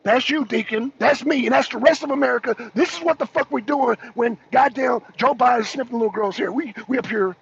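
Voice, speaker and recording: A man on a political talk show ranting loudly, swearing and repeating himself, sometimes breaking into laughter. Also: very high-pitched, a little fast, creaky, few pauses, breathy edge. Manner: loud, profane, repetitive ranting. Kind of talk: heated political rant. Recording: dull lo-fi stream audio.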